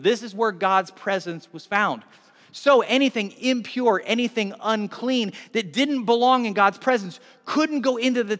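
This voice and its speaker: A man in his forties delivers a sermon in a bright, high-pitched voice. He drops to hushed tones, then climbs to loud, animated emphasis. The sound carries a long hall reverb, like a church sanctuary. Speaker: pastor.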